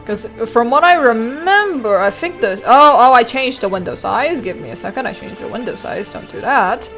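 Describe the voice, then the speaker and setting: Woman streamer rambling to chat, kinda high voice, swears a lot. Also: lively intonation, normal speed, fairly bright tone, faint music behind. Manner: chatty, swears freely, frequent laughter. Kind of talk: casual livestream chat.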